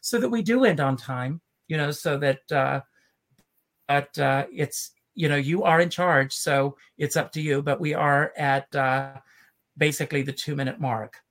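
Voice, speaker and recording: A man with a Southern US accent hosting a chat show over a video call, speaking haltingly with many fillers. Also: on the high side, fairly bright tone. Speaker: show host. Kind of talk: casual chat.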